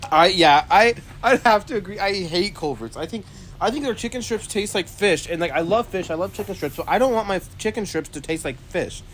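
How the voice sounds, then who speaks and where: A man's voice: high-pitched, expressive, brisk, fairly bright tone, a little hiss or hum. A man co-hosting a casual chat who rambles and complains in an exasperated way, full of "like" and restarts. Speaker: co-host.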